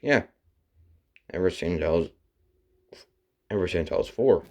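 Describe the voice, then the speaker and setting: A man voicing a calm, matter-of-fact young boy in his own plain voice. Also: sits low, a little slow.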